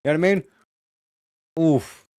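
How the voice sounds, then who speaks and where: A man giving a casual reaction commentary on a show clip, excitable and profane, laughing often and swinging between loud outbursts and hushed remarks. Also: a little high, moderate pace, no echo, studio quality.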